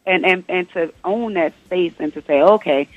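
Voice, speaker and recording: A woman's voice: lowish voice, moderate pace, no room sound. A young woman speaking as a guest on a radio interview, impassioned and fond of rhetorical questions. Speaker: guest author. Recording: dull lo-fi radio audio.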